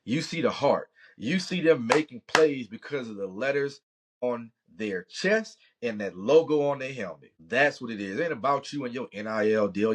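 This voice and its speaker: A middle-aged man from Louisiana hosting a sports podcast, talking passionately in a rambling way with Southern slang. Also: lowish voice. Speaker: podcast host. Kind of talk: sports opinion talk.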